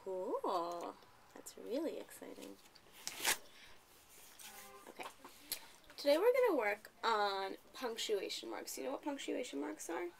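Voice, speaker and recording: A woman tutoring a child one-on-one, patient and coaxing, often checking in with a quick "right?". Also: a little high, sing-song, gravelly, noisy background. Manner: patient, coaxing, ends points with tag questions.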